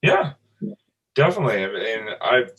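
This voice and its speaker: A man's voice: mid-range voice, very animated, normal speed, a bit bright, slightly rough, rough recording. Easygoing man co-hosting a sports podcast. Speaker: podcast co-host. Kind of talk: casual sports history chat.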